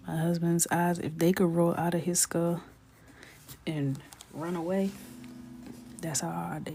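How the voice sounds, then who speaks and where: A woman in her thirties chatting casually and jokingly while coloring on a livestream, often dropping into soft whispers. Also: fairly low pitch, fairly even intonation, unhurried, slight background noise.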